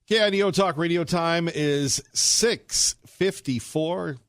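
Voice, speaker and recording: A man's voice: a little high, slow pace, a bit bright, dry recording, studio quality. A male talk radio host, joking and dropping sarcastic asides.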